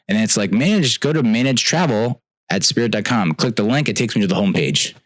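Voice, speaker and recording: A young podcast host tells a comic travel story in an exasperated rant. His low voice lurches between shouted peaks and grumbling mutters, pitch swooping all over. The sound is dry and close to the mic. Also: animated, a little fast, few pauses, dry recording. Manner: exasperated ranting, swings between loud outbursts and low mutters. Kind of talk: casual comedic storytelling.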